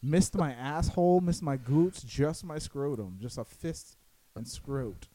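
A man telling a story in casual chat, crude and animated, acting out what others said. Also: medium pitch, unhurried, no room sound, low-quality recording.

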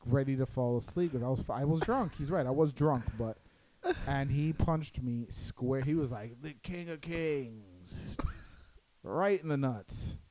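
A man telling a story in casual chat, crude and animated, acting out what others said. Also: mid-range voice, moderate pace, a little hiss or hum, rough recording.

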